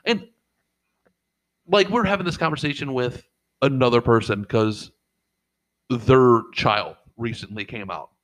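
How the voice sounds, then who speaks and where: Middle-aged man, casual chat, swearing freely, rambling, mid-pitched voice, jumps into quoted voices. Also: animated, measured pace, pauses often, fairly bright tone, poor audio. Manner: profane, rambling storyteller who acts out quotes. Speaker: podcast co-host and father.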